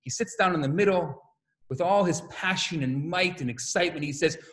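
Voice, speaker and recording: A man, a rabbi, giving a lecture full of stories and acted-out quotes, in an animated manner. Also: on the high side, a little fast. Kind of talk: lecture with storytelling.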